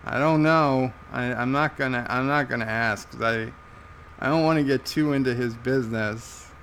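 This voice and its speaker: An American man hosting a casual live stream, reading chat messages aloud in an amused, halting way. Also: mid-range voice, fairly bright tone, a little hiss or hum. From United States. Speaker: livestream host reading chat.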